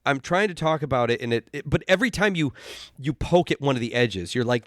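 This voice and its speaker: A man hosting a casual podcast chat, talking haltingly with frequent restarts and sighs. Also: medium pitch, lively intonation, no echo, studio quality. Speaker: podcast host.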